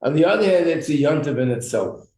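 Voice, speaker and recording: A man's voice: fairly high pitch, lively intonation, fast, darkish tone. A man teaching an informal religious class, explaining customs and asking the class questions. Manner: explanatory, asks the class questions, clears throat often. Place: echoey room with a small class. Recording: roomy echo, faint noise.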